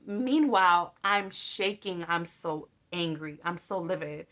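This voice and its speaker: Bright-voiced woman telling a story. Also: lowish voice, slow pace. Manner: candid and animated, swears freely. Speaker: podcast host. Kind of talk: casual storytelling monologue.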